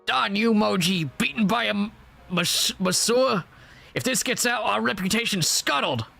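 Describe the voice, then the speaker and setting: A man reading aloud as a rowdy male pirate crewman from a comic, with gruff pirate talk. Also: high-pitched, measured pace, pushed and bright, faint music behind, voice pushed up, heavily acted.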